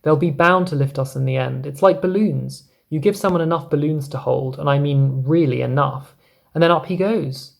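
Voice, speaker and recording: James, a steady earnest young boy talking his friends through a bold plan in a storybook reading, as a man reads him aloud. The voice sits a little higher than the reader's own and has a gravelly, creaky edge. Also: moderate pace. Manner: earnest, explaining patiently. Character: young boy, calm and determined.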